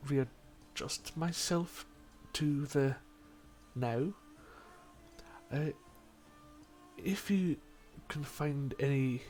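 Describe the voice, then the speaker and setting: A man voicing a polite spellcaster from another plane, using a put-on Scottish accent and speaking haltingly and formally. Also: mid-range voice, a little mellow. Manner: halting, hesitant, slow and formal. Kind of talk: in-character role-play.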